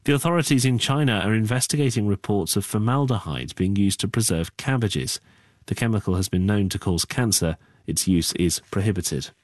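A man reading a radio news bulletin in a measured, formal way. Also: on the low side, no echo, clean studio sound. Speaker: newsreader.

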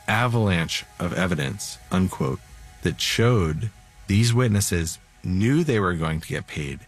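Male narrator, low register, relaxed storytelling over faint music. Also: slightly rough. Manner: casual, uses filler 'like'. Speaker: podcast narrator. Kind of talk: scripted narration.

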